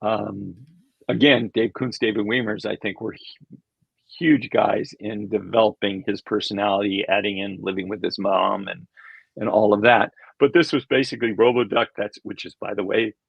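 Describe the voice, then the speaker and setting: A man's voice: lowish voice, steady tone, moderate pace, vocal fry, breathy edge, no room sound. An older man, an animation creator, telling rambling anecdotes in a casual interview, chuckling and acting out quoted voices. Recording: dull lo-fi sound.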